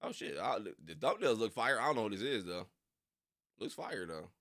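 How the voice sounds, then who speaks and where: Young man, casual stream chat, rambling and slangy, lowish voice, very lively pitch, dry close sound. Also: moderate pace, dry recording. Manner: rambling, slangy, laughs often. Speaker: reaction streamer.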